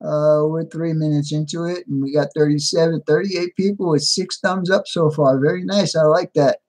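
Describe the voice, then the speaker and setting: A man's voice: a little high, steady tone, moderate pace, a little mellow. A man hosting a livestream, casually greeting viewers by name and answering chat, a little tired. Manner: reads out viewer names and replies to chat. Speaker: livestream host.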